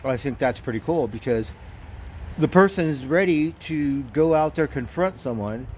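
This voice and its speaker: A man's voice: fairly high pitch, moderate pace, a little hiss or hum. Man telling a profane story outdoors. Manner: profane, chuckling, animated retelling. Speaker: livestreamer. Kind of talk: casual storytelling.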